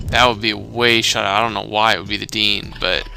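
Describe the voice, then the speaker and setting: Gravelly-voiced man rambling over gameplay. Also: on the low side, little pitch movement, normal speed, pushed and bright. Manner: rambling, thinking aloud. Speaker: gamer. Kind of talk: let's play commentary.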